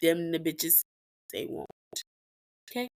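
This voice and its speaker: A woman's voice: low-pitched, very animated, slow pace, creaky, darkish tone. A woman hosting a podcast, telling a personal story in a blunt, profane, emotional way with emphatic repetitions. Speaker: podcast host.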